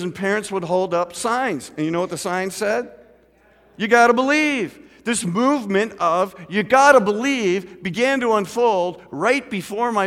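A man's voice: sits high, fairly bright tone. A middle-aged man preaching a sermon as pastor, telling a story and asking the congregation questions. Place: church sanctuary. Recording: church hall with long reverb.

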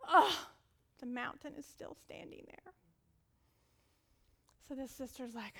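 A woman preaching with a high, bright voice. She tells her stories in an animated way, acting out other people's voices. Loud commands alternate with hushed, whispered asides. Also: a little slow, vocal fry, pauses often. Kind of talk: sermon.

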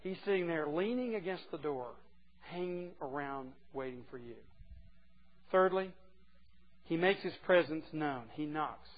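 A man preaching a sermon to a group of men, earnest and moving between hushed and emphatic delivery. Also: on the high side, a little slow. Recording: muffled lo-fi recording.

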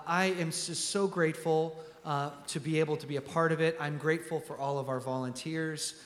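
Male church host, slightly high voice, halting delivery, echoey sanctuary. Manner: warm, halting, many ums and restarts. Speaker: pastor hosting a church service. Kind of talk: church announcement from the pulpit.

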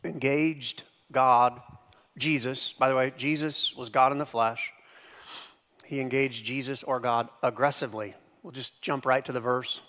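A man preaching a sermon as pastor, lively, dropping to hushed tones and bursting into shouted impressions. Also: mid-range voice, moderate pace, in a large hall.

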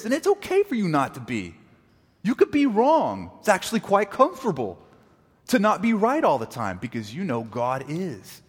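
A man preaching a sermon as pastor, animated, acting out quoted apologies and arguments. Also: sits high, breathy edge. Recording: long reverb of a large hall.

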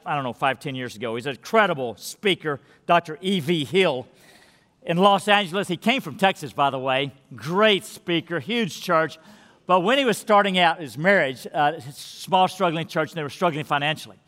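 A man preaching a sermon as pastor, emphatic and swinging from loud declarations to hushed lines. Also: on the high side, normal speed. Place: church sanctuary. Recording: long church reverb.

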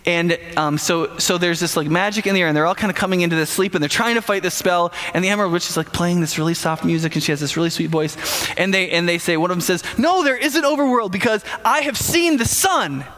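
A man's voice: on the high side, steady tone, fast, a bit bright, in a large hall. A man preaching a sermon in a conversational way, often stammering and restarting and putting questions to the listeners.

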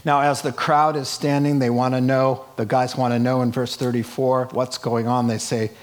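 A man preaching a sermon, telling a scripture story in an animated way with chuckling asides and acted-out quotes. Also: mid-range voice, normal speed. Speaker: pastor.

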